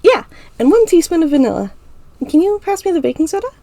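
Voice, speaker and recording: A woman doing a high eager teenage girl. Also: sing-song, quick pace, gravelly, no room sound, exaggerated voice. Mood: cheerful. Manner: bright, eager and high-pitched. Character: cheerful sensitive teenage girl classmate.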